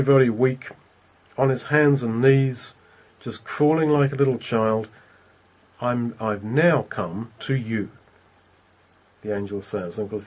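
Husky-voiced man preaching a thoughtful sermon. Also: medium pitch, a little mellow, rough recording. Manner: thoughtful, halting, repeats words while searching for phrasing.

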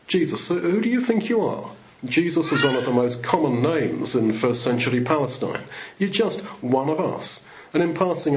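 A man preaching in a loose, conversational sermon, restarting and circling back on his words. His voice sits at a middling pitch, and the recording sounds a little dull and lo-fi. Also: slight background noise. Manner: rambling, conversational, many restarts.

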